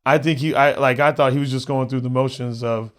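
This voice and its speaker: A male comedian who is a podcast guest tells a personal story in a relaxed, conversational way. His speech is halting and full of repeated words, and he acts out the other people's voices. His voice sits at an ordinary pitch for a man. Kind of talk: casual storytelling.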